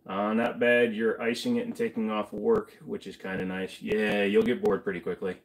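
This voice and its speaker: A man with a fairly low voice and little pitch movement hosts a casual livestream at normal speed despite an upset stomach. He chats, reads viewer messages aloud, answers them, and mumbles asides.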